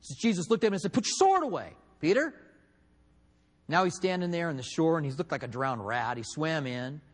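Guy preaching in a church, kinda high voice, big hall echo, tells it like a story. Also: quick pace. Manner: storytelling with acted quotes, swinging between loud and hushed. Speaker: pastor. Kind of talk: sermon.

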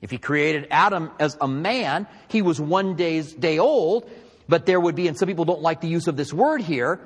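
A man delivering a sermon as a Bible teacher, his voice a little husky and pitched slightly high. He teaches in a conversational, animated way, swinging his pitch widely and adding emphatic asides. The sound carries a long reverb, as if from a large hall. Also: normal speed.

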